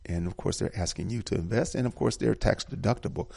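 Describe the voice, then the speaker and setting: A man's voice: on the low side, fast, vocal fry, darkish tone, husky, no echo, studio quality. A middle-aged man hosting a community show, reading program listings and sponsor announcements in an emphatic, repetitive manner. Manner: preacherly, emphatic, repeats key details. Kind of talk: radio-style community announcements.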